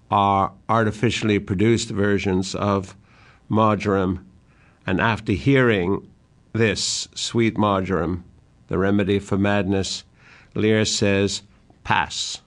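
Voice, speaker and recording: Slow, low-voiced older man lecturing. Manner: slow and deliberate, reciting verse with emphasis. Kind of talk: literature lecture.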